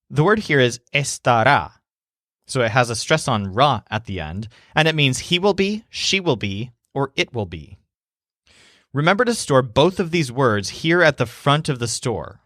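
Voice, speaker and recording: Calm man narrating a language lesson. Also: mid-range voice, dry recording, studio quality. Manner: calm, clear, pronounces Spanish words carefully. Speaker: language teacher. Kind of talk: scripted storytelling narration.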